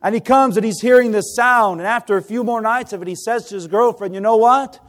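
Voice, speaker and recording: A man preaching a sermon with passion, swinging from hushed, drawn-out phrases to loud storytelling and putting questions to the congregation. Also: high voice.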